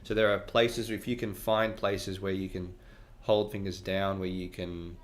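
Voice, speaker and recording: A man giving a casual guitar lesson, explaining technique in a relaxed way and often checking in with "right?". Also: sits low, a little slow. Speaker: guitar teacher. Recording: faint guitar music behind voice. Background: his own guitar playing between phrases.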